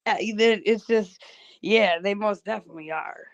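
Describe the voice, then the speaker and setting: A woman with a Detroit accent co-hosting a casual chat, talking in slang and pausing on uh fillers. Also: mid-range voice, dull audio. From Detroit, United States.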